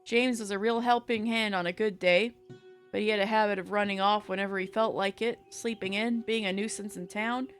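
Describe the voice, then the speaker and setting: A woman reading aloud as a gruff middle-aged farmer who rambles on, in her own plain voice with no accent put on. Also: mid-range voice, steady tone, a little fast, soft background music, close to an everyday voice. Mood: rambling. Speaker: streamer reading a visual novel aloud.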